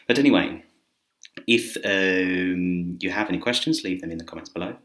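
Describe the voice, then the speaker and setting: A deep-voiced man gives a casual English grammar lesson to camera, chatty and relaxed, with plenty of filler words. His voice rings in a noticeably echoey room. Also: moderate pace. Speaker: English teacher. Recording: roomy echo.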